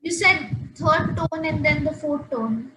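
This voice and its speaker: A woman's voice: high voice, slow pace, background noise. A woman student asking questions in a language lesson, in a hesitant, questioning way.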